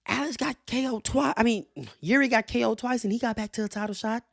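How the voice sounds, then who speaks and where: A man's voice: very high voice, steady tone, fast, creaky, a bit bright, no echo, studio quality, voice pushed up, heavily acted. A man putting on the voice of a whiny, nagging male fan who argues back in a mocking tone.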